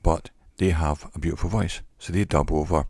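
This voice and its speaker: A man giving an educational talk in a measured, reflective way, pausing often between phrases. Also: sits low, steady tone, a little mellow, husky, no echo, studio quality. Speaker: teacher. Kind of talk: educational monologue.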